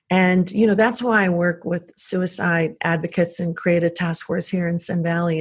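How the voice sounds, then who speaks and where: A woman from South Texas speaks as an interview guest, earnest and reflective as she recounts her own life. Her voice sits a little low for a woman, and her telling is emotional and unhurried. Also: slightly rough. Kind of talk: personal storytelling.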